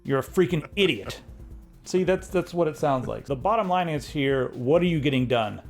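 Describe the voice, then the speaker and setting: A man's voice: on the high side, animated, normal speed, vocal fry, faint music behind. A man co-hosting a casual tech discussion, ranting and critical, with frequent restarts. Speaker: co-host.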